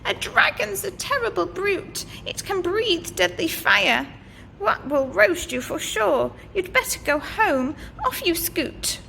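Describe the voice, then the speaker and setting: Woman putting on a shrill sinister witch. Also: animated, slow, vocal fry, sharp tone, slight background noise, heavily acted. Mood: warning. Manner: high, sly and scolding. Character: sinister old witch, bossy and scary.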